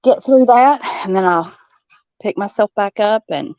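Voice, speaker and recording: A woman's voice: mid-range voice, measured pace, no echo, lo-fi sound. A woman from the American South with a Southern accent, chatting as a guest and acting out the voices of the people in her stories. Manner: storytelling, acts out quoted voices, laughs often. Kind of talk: casual chat.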